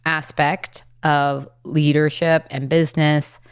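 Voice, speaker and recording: Low-voiced woman hosting a podcast. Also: flat delivery, takes it slowly, clear, resonant tone. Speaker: podcast host. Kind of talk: podcast interview.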